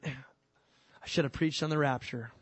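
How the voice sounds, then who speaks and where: A man preaching a sermon in a casual, animated way, moving between loud emphasis and quiet, earnest lines. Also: mid-range voice, measured pace. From California. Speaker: pastor.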